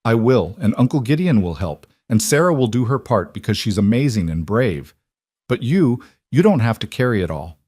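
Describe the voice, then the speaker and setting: A man voicing a stubborn, caring young frontier woman who speaks firmly but gently. He does not change his voice much for her. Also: mid-range voice, big pitch swings, moderate pace, breathy edge, no echo, studio quality. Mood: gentle. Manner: firm and gentle.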